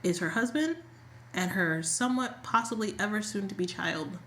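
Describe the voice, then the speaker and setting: A woman's voice: mid-range voice, moderate pace, a bit bright. A woman co-hosting a casual soap opera chat, making blunt, opinionated remarks. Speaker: podcast co-host.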